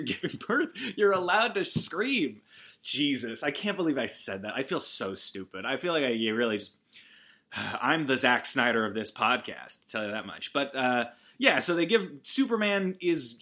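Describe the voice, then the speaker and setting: A man with a bright, forceful, fairly high voice talks through a casual podcast. He rambles, swears freely and keeps restarting his sentences. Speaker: podcast host. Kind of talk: casual solo podcast recap.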